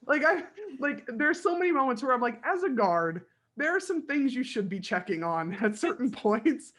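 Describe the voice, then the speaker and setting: A woman's voice: on the high side, moderate pace, hardly any pauses. A woman co-hosting a fan podcast about a TV show, talking casually and acting out lines from scenes with lots of laughter. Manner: animated, laughs often, acts out quotes. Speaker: podcast co-host.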